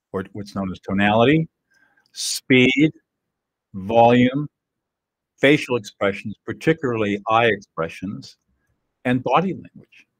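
Husky older man teaching, dry sound. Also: medium pitch, no room sound, rough recording. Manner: earnest, plain-spoken, sure of himself. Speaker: presenter teaching emotional skills. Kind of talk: direct-to-camera teaching talk.

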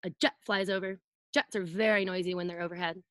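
A woman's voice: on the low side, steady tone, quick pace, fairly bright tone, no echo. A woman preschool teacher reading a picture book aloud to children over a video call, playfully acting out sound effects and asking them to join in.

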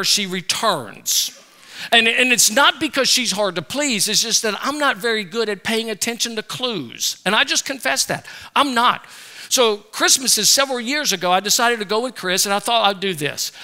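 A middle-aged man preaching a sermon, telling stories with playful humor. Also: sits high. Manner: humorous, animated storyteller. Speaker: pastor.

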